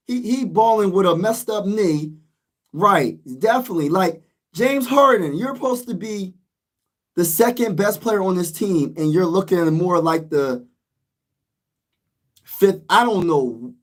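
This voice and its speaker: Man sports vlogger, exasperated rant. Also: sits high. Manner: venting, exasperated, repeats himself.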